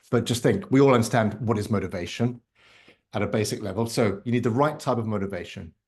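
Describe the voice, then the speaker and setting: A man's voice: lowish voice, a little mellow. Man teaching an online class. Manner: explanatory, conversational, says "right?" often. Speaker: workshop instructor. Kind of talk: live online masterclass teaching. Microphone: video call.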